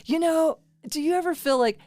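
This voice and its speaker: A woman's voice: extremely high pitch, normal speed, a little mellow, no room sound. A woman hosting a casual chat, talking in a rambling way with many restarts. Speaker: podcast host. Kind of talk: casual conversation.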